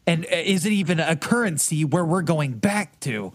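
A man's voice: on the high side, expressive, normal speed. A man playing a tabletop game, speaking casually with fillers. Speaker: player.

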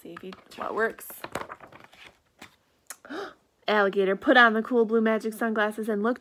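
Woman reading a picture book aloud slowly. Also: on the high side. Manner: expressive, with gasps and soft whispered asides; asks young listeners questions.

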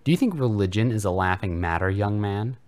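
A man's voice: on the low side, animated, a little fast, a little mellow, natural voice. A man voicing a self-righteous, preachy old male headmaster in a comedic fanfiction reading. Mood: stern.

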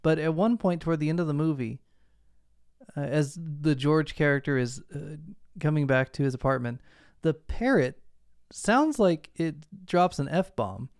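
Man, podcast co-host, wry deadpan jokes, smooth resonant voice, dry close sound. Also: fairly high pitch, measured pace, dry recording. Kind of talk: casual podcast chat.

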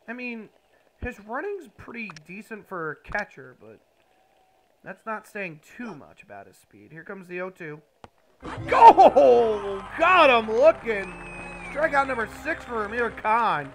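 High, bright-voiced man calling game play-by-play. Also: a little hiss or hum. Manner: excitable, bursts of loud enthusiasm. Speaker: video game commentator. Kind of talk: mock play-by-play commentary.

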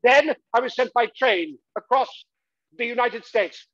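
A man's voice: extremely high pitch, measured pace, fairly bright tone, pitched above the performer's own voice, heavily acted. A man on stage playing a middle-aged novelist turned spy, who tells of his wartime mission in a grave, anxious first person. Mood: recounting. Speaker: solo stage performer. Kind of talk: one-man stage monologue. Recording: dull live theatre recording.

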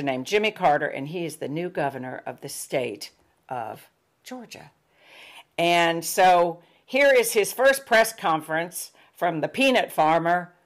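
A middle-aged woman telling a personal story in a reflective, halting way, with many fillers and restarts. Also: low voice.

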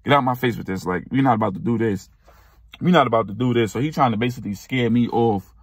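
A man's voice: medium pitch, fast, slightly rough, dry recording. A young man telling a personal story in casual, slangy storytime style. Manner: slangy, animated retelling. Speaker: vlogger.

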